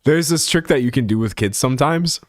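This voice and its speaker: A young man streaming, chatting casually and reading out chat, often laughing and slipping into high voices. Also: fairly quick, dry recording, studio quality. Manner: animated, laughing, slangy, jumps into high voices.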